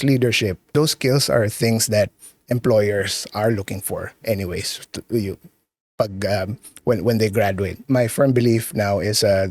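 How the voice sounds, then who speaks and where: A Filipino man with a low voice speaks in an earnest, halting way, circling back over his words as he thinks. He sounds like a podcast guest recorded close and dry, with no room around him. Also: no room sound. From Philippines. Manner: earnest, halting, repeats words, mixes in Tagalog. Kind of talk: casual interview chat.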